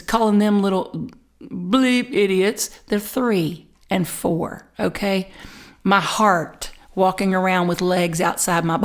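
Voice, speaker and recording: Woman, middle-aged, minister, sermon, animated storytelling, restarts mid-sentence, mid-range pitch. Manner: animated personal storytelling with many repeats and restarts. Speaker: spiritual community minister.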